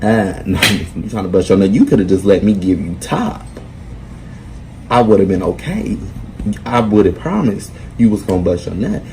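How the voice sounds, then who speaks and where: A young man, telling a blunt, profane, animated storytime to his vlog viewers. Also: deep voice, moderate pace, background noise. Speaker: vlogger. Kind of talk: casual storytime monologue.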